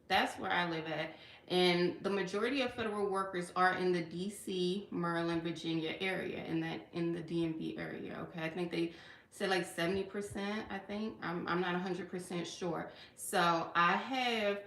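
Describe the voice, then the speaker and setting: A woman's voice: fairly low pitch, fairly even intonation, moderate pace, fairly bright tone. A woman from Washington DC, a federal worker, talking earnestly in a personal livestream and often saying "okay" and "you know". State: tearful at times. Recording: echoey room.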